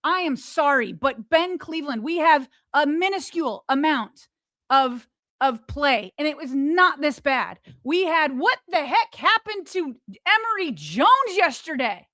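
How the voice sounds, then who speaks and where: A woman co-hosting a sports podcast speaks with passion and fires off one rhetorical question after another. Her voice sits high. The sound is close and dry, with no room around it. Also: lively intonation, unhurried, a bit bright, dry recording. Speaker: podcast co-host.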